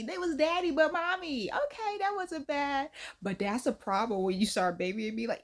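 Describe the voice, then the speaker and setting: A woman's voice: sits high, sing-song, moderate pace. A woman hosting a reaction video, chatting casually and exclaiming often.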